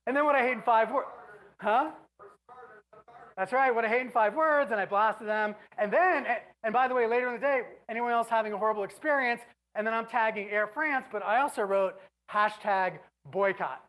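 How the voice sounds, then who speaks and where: A woman giving an animated, exasperated on-stage storytelling speech, now and then breaking into shouts. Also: on the high side, moderate pace, low-quality recording. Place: stage before an audience.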